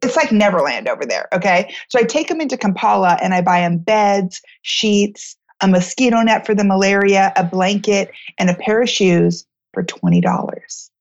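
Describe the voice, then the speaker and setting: An American woman in a talk interview, telling a personal story with lots of energy and a chatty flow full of "like"s. Her voice sits at a middle pitch and comes through slightly dull and muffled. She acts out the other people in the story as she goes. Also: big pitch swings, moderate pace, hardly any pauses. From United States. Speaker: charity founder telling her story to a host.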